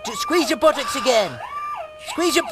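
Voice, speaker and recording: A man voicing a crude, bickering older Irish puppet bachelor with an Irish accent. He swings from loud outbursts to low mutters as he tells a story. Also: wildly swooping pitch, moderate pace, heavy background noise, heavily acted. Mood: flustered. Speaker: storyteller host. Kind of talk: comic sketch banter.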